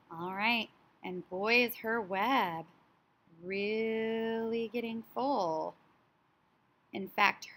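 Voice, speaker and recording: Slow, bright-voiced woman teaching young children. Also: on the high side. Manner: slow, animated, child-directed, imitates animal sounds. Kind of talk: story sequencing lesson for young children.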